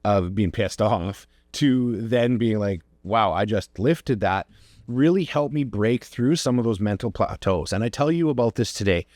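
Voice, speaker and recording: A man's voice: mid-range voice, lively intonation, normal speed, few pauses, dark tone, no echo, studio quality. A man hosting a podcast, telling a personal story in an earnest, reflective way and encouraging his listeners. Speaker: podcast host.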